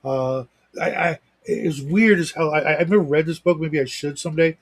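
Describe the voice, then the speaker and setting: A slightly high-voiced man talks fairly quickly while hosting a livestream. His casual chat drifts, with lots of restarts and asides.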